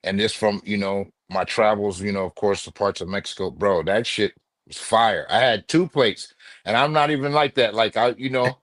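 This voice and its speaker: Laid-back slangy man, low voice. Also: normal speed, a bit bright, dry recording, clean studio sound. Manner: laid-back slangy talk, says bro and man a lot. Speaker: podcast guest. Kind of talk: casual chat.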